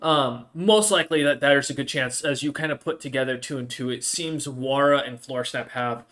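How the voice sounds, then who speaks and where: A man's voice: medium pitch, moderate pace, fairly bright tone. A man narrating as game master of a tabletop game, rambling, with many fillers. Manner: rambling, hesitant, filler-heavy.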